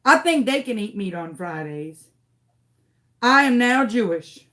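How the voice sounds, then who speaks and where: Telling a story to camera, this crafting channel host gets dramatic and exasperated, sometimes swinging into shrieks. She speaks unhurriedly in a slightly high, pushed and bright voice with lively intonation.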